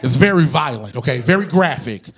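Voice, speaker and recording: Animated, profane stand-up comedian, slightly high voice. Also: male voice, a little fast. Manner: animated storytelling with profane punchlines and shouted impressions. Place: comedy stage before a live audience.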